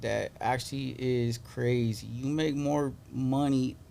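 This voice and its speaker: A man, an Army veteran guest, talking in a relaxed, agreeable way in a casual chat. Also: mid-range voice, slow pace, vocal fry.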